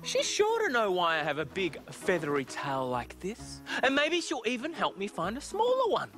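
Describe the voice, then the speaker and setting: A woman's voice: mid-range voice, wildly swooping pitch, moderate pace, soft background music. Woman voicing a shy worried peacock. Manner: bright, sing-song and wondering. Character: shy young male peacock, worried about his big tail. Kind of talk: children's TV storytelling.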